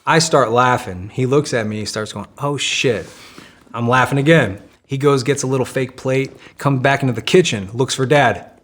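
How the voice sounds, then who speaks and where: Guest: thirties-age man, mid-pitched, energetic and profane storyteller, casual podcast chat. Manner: animated, profane, fast storytelling with frequent "dude" and "man". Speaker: guest, former special operations Marine and firearms instructor. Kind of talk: casual conversational interview.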